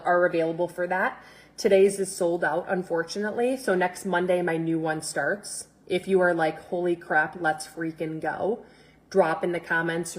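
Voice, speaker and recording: On a live stream, a middle-aged female fitness coach pushes hard with an energetic sales pitch. She calls out viewers by name and keeps repeating her instructions.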